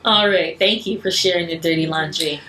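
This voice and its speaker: A woman's voice: on the low side, a little fast, bright, forceful tone, slight background noise. A woman hosting a podcast in casual chat, teasing her guest in playful banter. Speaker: podcast host. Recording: roomy sound, voice set back from the mic.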